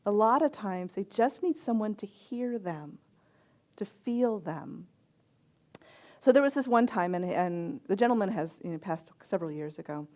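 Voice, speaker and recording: A middle-aged woman minister giving a sermon, telling stories softly and acting out the people she quotes. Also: medium pitch, lively intonation. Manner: gentle storytelling with quoted voices and soft pauses.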